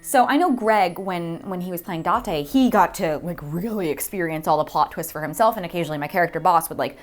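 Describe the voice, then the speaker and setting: A young woman, a voice actor, chatting casually in an interview, gushing and excitable, her voice leaping high when she gets worked up. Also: brisk. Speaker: voice actor guest. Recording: faint music underneath.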